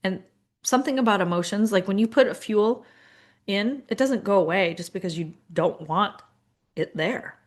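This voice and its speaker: A woman's voice: medium pitch, moderate pace. A middle-aged woman coaching school leaders in a casual, conversational way, sometimes acting out the inner voices she describes. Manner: conversational, acts out inner voices, lots of fillers.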